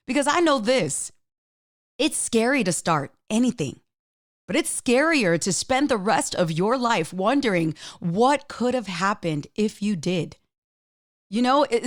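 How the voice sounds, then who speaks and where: A woman's voice: mid-range voice, no room sound. Woman doing a pep-talk podcast, emotional and choked up, super dry close mic. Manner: earnest, emphatic, speaks straight to listener. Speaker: podcast host. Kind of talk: motivational solo podcast talk.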